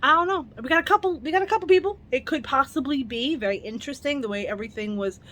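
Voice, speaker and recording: A woman's voice: high-pitched, fast talker, fairly bright tone. Tired, chatty young woman reviewing books. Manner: chatty, enthusiastic, laughs often. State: tired, yawning. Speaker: book reviewer, channel host. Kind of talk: casual book review vlog.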